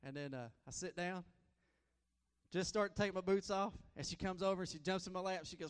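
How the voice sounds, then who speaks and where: A man preaching a sermon as a guest preacher, folksy and repetitive, swinging between loud and soft. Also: high voice, fairly quick, in a large hall.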